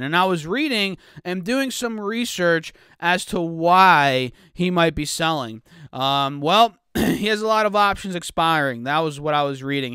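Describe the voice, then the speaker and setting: Hosting a casual stock market video, a man talks chattily to the camera, calling his viewers guys and clearing his throat now and then, his voice rough from just waking up. His voice is high-pitched, pushed, and bright, captured in a dry recording with clean studio sound.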